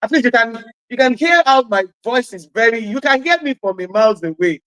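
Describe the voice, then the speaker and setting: A woman hosting a radio talk show, chatty and encouraging, with a loud voice. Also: on the high side, lively intonation, fairly quick, no room sound, rough recording. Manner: encouraging, chatty, laughs at herself. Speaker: radio host.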